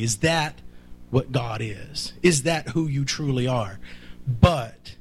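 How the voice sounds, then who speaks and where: A man's voice: mid-range voice, takes it slowly, slight background noise. A man preaching a sermon, emphatic and full of repeated rhetorical questions.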